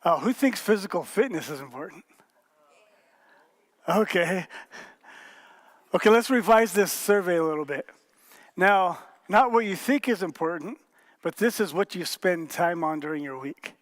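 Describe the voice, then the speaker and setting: A man's voice: high voice, animated, normal speed, pauses often. A male pastor giving a joking, conversational sermon and polling his congregation. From rural area.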